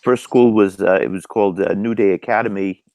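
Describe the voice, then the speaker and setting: A man's voice: lowish voice, fairly even intonation, a little fast, darkish tone. A middle-aged man hosting a live video hangout. He talks loosely with lots of ums and restarts, and his voice is going. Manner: loose, filler-heavy talk with many ums and restarts. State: losing his voice. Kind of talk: casual live-stream chat. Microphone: video call microphone.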